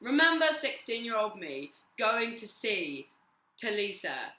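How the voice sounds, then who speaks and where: A woman's voice: medium pitch, big pitch swings, a little slow, sharp tone. Giggly woman vlogging, roomy sound. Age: 20s. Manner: chatty, giggly, rambling. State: voice going hoarse. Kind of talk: casual chat to camera. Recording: roomy echo.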